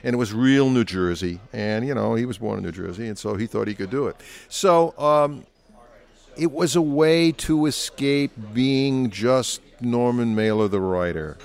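An older man, a biographer, answering interview questions in an anecdotal, relaxed way and now and then mimicking quoted voices. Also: mid-range voice, normal speed, vocal fry. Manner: anecdotal, slips into quoted voices while telling stories.

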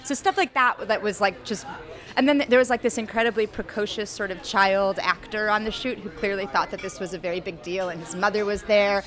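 A woman's voice: medium pitch, a little fast, a bit bright, faint music behind. A young adult woman author in an interview, talking in a rambling, hesitant way full of fillers and restarts. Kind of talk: conversational interview.

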